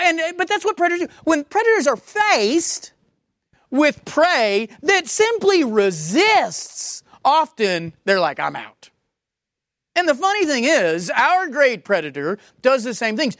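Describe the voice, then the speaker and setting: A woman's voice: mid-range voice, no echo, studio quality. A woman pastor preaching a sermon, emphatic and repeating key phrases for force.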